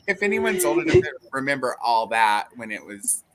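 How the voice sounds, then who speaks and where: A woman's voice: unhurried, a loud crowd. A woman hosting a casual group video chat, laughing often as she talks. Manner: giggly, laughs often, lively pitch. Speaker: livestream host.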